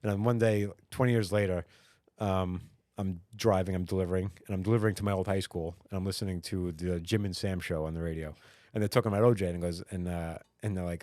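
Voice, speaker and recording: Rambling low-voiced comedian man. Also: steady tone, fast talker, a little mellow, no echo, studio quality. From United States. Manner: rambling storyteller, many fillers and restarts. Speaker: podcast co-host; stand-up comic. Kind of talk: casual chat.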